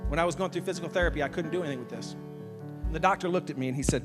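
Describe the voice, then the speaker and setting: High-voiced animated male pastor preaching. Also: rapid-fire, music in the background. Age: 30s. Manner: animated, self-mocking, acts out dialogues. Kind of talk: sermon. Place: church stage.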